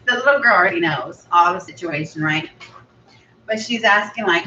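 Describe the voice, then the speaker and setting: A woman's voice: on the low side, expressive, moderate pace, noisy background. A woman hosting a food video, casually retelling a film story in a chatty, rambling way. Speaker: mukbang channel host. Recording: echoey room, slightly dull, from a distance.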